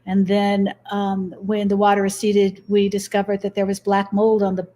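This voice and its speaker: A woman's voice: mid-range voice, monotone, normal speed, mellow. Earnest middle-aged woman telling stories. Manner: earnest, acts out quoted dialogue. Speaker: guest. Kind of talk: interview storytelling.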